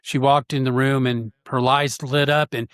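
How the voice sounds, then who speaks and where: A man of medium pitch tells a painful personal story as a podcast guest. He speaks earnestly and haltingly, filling the gaps with pauses and fillers. The recording is dry and close. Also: flat delivery, fairly bright tone, clear, resonant tone, no room sound.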